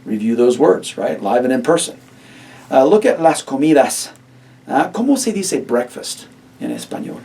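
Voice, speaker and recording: A man's voice: medium pitch, a little mellow, distant mic. A man teaching Spanish vocabulary in a recorded lecture, chatty and encouraging, quizzing his students as he goes.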